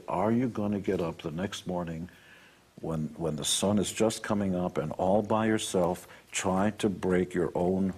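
A man's voice: low-pitched, a little mellow, breathy edge. A man being interviewed on a television talk show, talking in a blunt, preachy way with the odd self-mocking laugh. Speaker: interview guest. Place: television studio.

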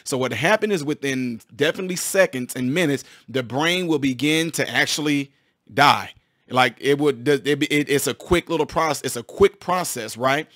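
A man, a former physical therapist, explaining a medical topic to his viewers in a casual, excited way, often restarting and repeating phrases. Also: mid-range voice, moderate pace, no room sound, studio quality.

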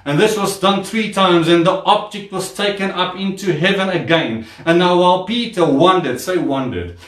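A man's voice: sits high, moderate pace. A man preaching a sermon as pastor, calling on the congregation to repeat words aloud and repeating phrases for emphasis. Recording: echoey room, voice from far off.

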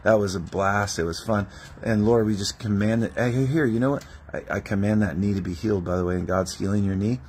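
A low-pitched man preaching a testimony-style sermon. He tells his stories with animated energy and acts out the prayers and conversations as he goes. There is a faint hiss behind his voice. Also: fairly quick. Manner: animated storyteller, acting out prayers and dialogue. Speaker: evangelist preacher.

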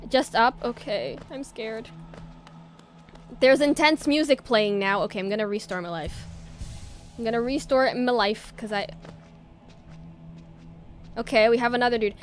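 A woman's voice: fairly high pitch, fairly bright tone, slight background noise. A woman streaming a video game, chatting along and bursting into startled shrieks. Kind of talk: live gameplay commentary. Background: faint game music.

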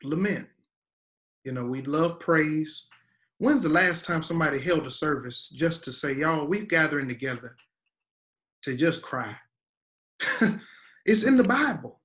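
Emphatic pastor in a preacher's cadence. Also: male voice, on the high side, lively intonation, a little slow, pauses often, a bit bright. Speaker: guest pastor. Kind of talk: preaching-style teaching conversation.

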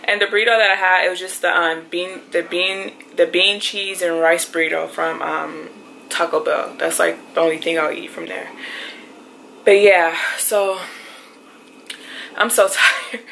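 A woman's voice: fairly low pitch, steady tone, normal speed, vocal fry, fairly bright tone, a little hiss or hum, low-quality recording. A young woman vlogging casually at home, chatty and rambling and laughing often. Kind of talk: casual vlog talk to camera.

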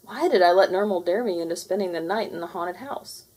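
A woman's voice: fairly low pitch, fairly quick, darkish tone, slightly rough. Woman doing a jittery greedy tomcat. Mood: nervous. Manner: jittery and defensive. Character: lazy, greedy male cartoon cat, easily scared. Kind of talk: storybook read-aloud.

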